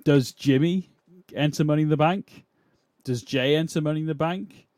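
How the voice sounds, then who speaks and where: A man's voice: a little high, normal speed, a little mellow, no room sound, clean studio sound. Musing male podcast host. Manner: musing, questioning, laughs often. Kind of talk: casual chat.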